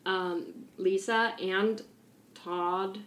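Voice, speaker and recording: A young woman trading celebrity gossip in a loose, giggly way. Her voice sits at an ordinary middle pitch. She fills her stories with likes and ums. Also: fairly even intonation, drawn-out words, a bit bright, reverberant. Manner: chatty, giggly, lots of fillers. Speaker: podcast co-host. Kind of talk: casual gossip chat.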